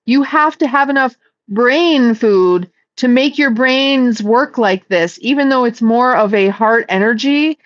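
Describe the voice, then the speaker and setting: A woman speaking as a psychic in a casual, meandering spiritual talk, earnest and stretching some words out slowly. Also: on the high side, no room sound, highs cut off. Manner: meandering and earnest, with slow drawn-out emphases. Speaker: psychic channeling messages.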